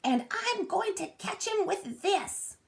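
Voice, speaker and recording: A woman voicing an excited, eager young male raccoon child in a storybook read-aloud, high and insistent. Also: slow, creaky, full character voice.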